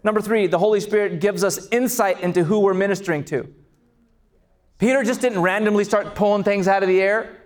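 A man preaching a sermon as pastor, passionate and building to shouts on key lines. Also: high-pitched, brisk. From California.

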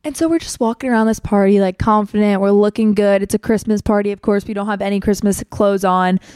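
A woman's voice: medium pitch, level tone, fairly quick, darkish tone, clean tone, no room sound, clean studio sound. A young woman hosting a podcast, telling a story in a chatty, candid way, acting out quotes and swearing freely. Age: young adult. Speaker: podcast host. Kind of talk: casual storytelling monologue.

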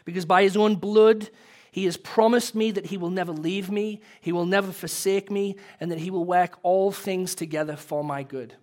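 A man preaching a sermon as pastor, earnest and emotional, swelling louder and then dropping soft, ending in prayer. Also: high voice, steady tone, normal speed.

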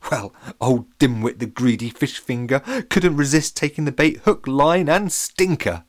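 A man's voice: medium pitch, unhurried, no echo, pitched above the performer's own voice, lightly acted. A man voicing a boastful kid acting as a spy, talking in a conspiratorial way.

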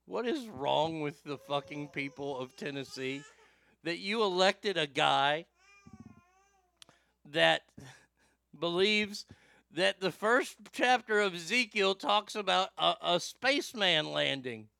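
A man's voice: on the high side, lively intonation, slow pace, gravelly, long pauses, pushed and bright, clean tone, dry recording. A Southern man hosting casual commentary in a profane, rambling way, stammering often, close to the mic. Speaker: host.

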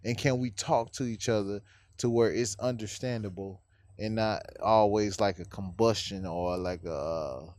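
A man's voice: fairly low pitch, a little slow, darkish tone, no room sound. A man, talking casually, asking probing questions and often calling his friend "bro". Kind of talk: casual conversation.

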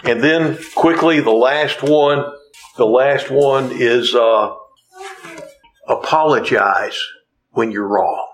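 A man's voice: mid-range voice, slow pace, a little hiss or hum, rough recording. A male pastor preaching a sermon in an earnest way, repeating key phrases for emphasis and slipping in folksy humorous asides.

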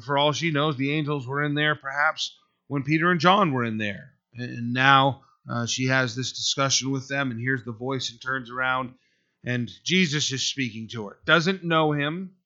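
A man preaching an expository sermon as a pastor, speaking earnestly and conversationally, pausing often as he works through the passage. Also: mid-range voice, pushed and bright, dull audio.

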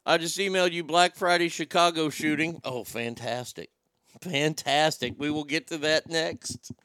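Ranting bluntly on his talk show, a male host swears freely and keeps stumbling into restarts as he airs his opinions. The voice is slightly high and fairly bright, at a moderate pace, clean-toned, echo-free, and recorded in studio quality.

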